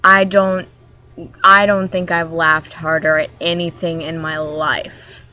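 A woman's voice: low voice, flat delivery, takes it slowly, pushed and bright. A woman from Maryland chatting casually in a vlog, talking in a hyper, rambling way that jumps from topic to topic. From Maryland, USA. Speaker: vlogger.

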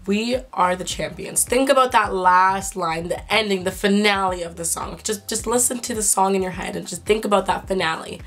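A young woman vlogging casually to camera, excitable and incredulous, with a sore throat. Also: medium pitch. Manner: excitable, swearing, laughing, incredulous.

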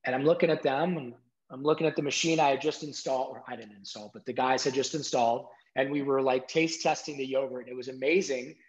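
A middle-aged man telling an emotional story as an interview guest, animated, acting out quotes and using many "like" fillers. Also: mid-range voice, fast. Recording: dull lo-fi sound.

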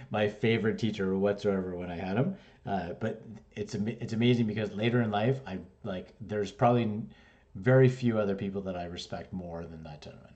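A man from Canada with a somewhat low voice teaches a hands-on electrical lesson. He talks conversationally and explains step by step, tossing in quick "right?" and "okay?" checks. He sounds middle-aged and relaxed in front of his students. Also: dull audio. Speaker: electrical instructor. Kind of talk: casual classroom lesson.

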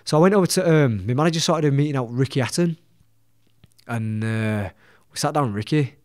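A man's voice: medium pitch, brisk, dry recording, studio quality. A young man with a Leeds accent, a boxer telling his story as a podcast guest, blunt and swearing constantly. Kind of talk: casual storytelling.

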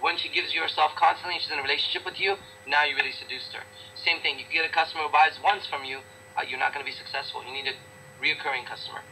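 A man's voice: fairly high pitch, fairly even intonation, fast, pushed and bright, a little hiss or hum, low-quality recording. A man answering interview questions in a blunt, emphatic, profane way, often repeating himself for emphasis. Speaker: interview guest, business owner. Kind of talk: casual interview talk.

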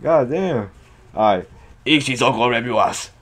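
A man hosting an anime reaction video, talking in excitable, slangy and profane casual commentary full of exclamations. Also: medium pitch, a little slow.

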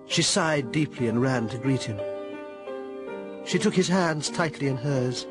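A man narrating a romantic story in a gentle, expressive reading voice. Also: medium pitch, a little slow, loud music behind the voice.

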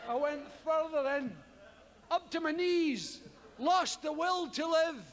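A Scottish man doing stand-up comedy, telling a story with heavy swearing and loud yelped sound effects. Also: extremely high pitch, slow, a crowd in the background, background noise. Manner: animated, profane, loud vocal sound effects. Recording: live hall with audience ambience.

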